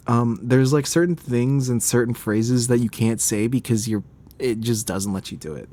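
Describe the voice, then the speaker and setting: A man's voice: medium pitch, fairly even intonation, unhurried, mellow. A man streaming a game, chatting casually, laughing often and grumbling about the game.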